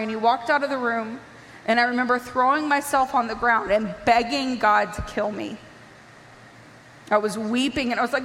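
A woman giving an emotional personal testimony, impassioned and pleading, rising at times to near shouts. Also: fairly high pitch, steady tone, a little fast, in a large hall, slight background noise.

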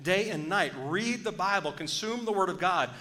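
A man's voice: high-pitched, expressive, normal speed, pushed and bright. A man preaching a sermon, joking with the congregation and asking for amens. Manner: joking, call-and-response preaching. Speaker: pastor.

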